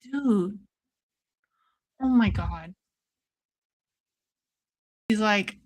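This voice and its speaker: A woman hosting a casual watch-along stream, excitable and swearing freely, calling everyone "dude" while taking shots. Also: on the high side, slow pace, long pauses. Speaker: livestream host.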